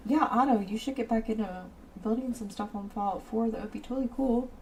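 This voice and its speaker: A woman's voice: a little high, a little fast, darkish tone, distant mic, a little hiss or hum, rough recording. A woman chatting casually on a livestream, rambling off on tangents and talking straight to her viewers. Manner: talks straight to chat viewers. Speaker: streamer.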